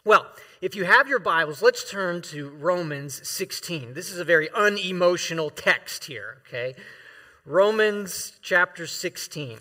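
A man's voice: high-pitched, animated, a little slow, bright, forceful tone. A man preaching as a guest, heartfelt and emotional, with many fillers and restarts, reading scripture aloud to the congregation. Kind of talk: sermon. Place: church sanctuary.

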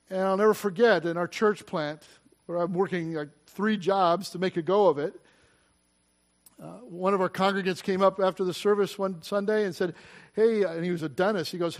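Middle-aged male pastor with a high voice, preaching with rising emphasis and rhetorical questions. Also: normal speed. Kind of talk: sermon.

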